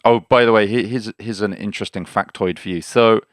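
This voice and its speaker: Upbeat low-voiced male podcast host. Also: steady tone, brisk, dry recording. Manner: upbeat, jokey, stumbles over words. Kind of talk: casual language lesson chat.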